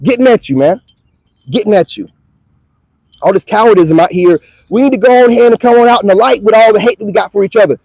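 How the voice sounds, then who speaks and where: A man's voice: high voice, fast, darkish tone, dry recording, low-quality recording. A young man ranting to the camera in a taunting, profane, mocking manner. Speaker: online video creator.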